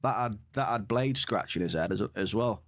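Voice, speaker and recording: Streaming a game, a man chats casually and talks straight to his chat. He speaks at normal speed in a lowish voice.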